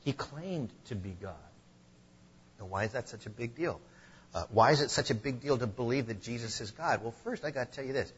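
A man preaching a sermon, earnest, with slow emphatic stresses. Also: medium pitch, expressive, a bit bright, breathy edge, dull audio. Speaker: pastor.

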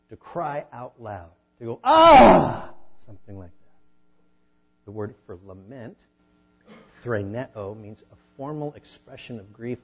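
A man preaching a sermon as a pastor, teaching a Bible passage in a conversational way and rising to animated emphasis at times. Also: medium pitch, dull audio, a little hiss or hum.

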